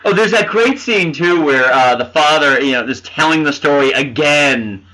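A man in casual chat reviewing a film with friends, animated, swearing and laughing while he hunts for names. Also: on the high side, moderate pace, rough recording. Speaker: podcast co-host reviewing a film.

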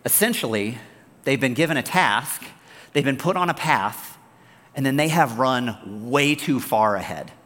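A man preaching a sermon as pastor, talking in an animated, conversational way and telling stories. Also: medium pitch, unhurried, big-room sound. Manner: animated, conversational, storytelling, acts out the characters.

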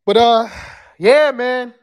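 A podcast host chatting live with callers and the chat, loud and profane, sometimes breaking into screams. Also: medium pitch, takes it slowly, clean tone.

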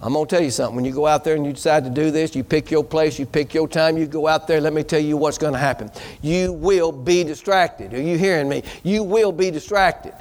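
A man's voice: fairly high pitch, a little fast, hardly any pauses, a little mellow. A man preaching a sermon as pastor, exhorting the congregation in a folksy way and asking them questions.

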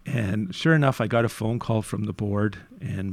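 A Canadian youth worker shares his story in a candid interview, animated and swinging between hushed and forceful moments while often restarting his sentences. His voice is lowish, at normal speed, with vocal fry.

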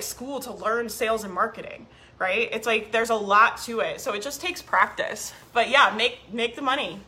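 A woman's voice: on the high side, bright, forceful tone. A woman coaching business owners on a live stream, upbeat and emphatic, repeating key phrases and reading viewer comments aloud.

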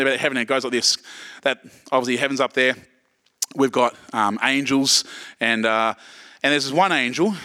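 A man's voice: medium pitch, bright, forceful tone. A middle-aged Australian man preaching a sermon in a casual, joking way, checking in with "okay" often. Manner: casual, joking, lots of okays and restarts. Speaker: pastor.

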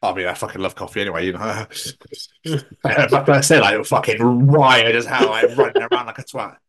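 Chatty man, crude and animated. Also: medium pitch, normal speed, a crowd in the background. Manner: crude, animated storytelling with put-on voices. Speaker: podcast co-host. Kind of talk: casual banter.

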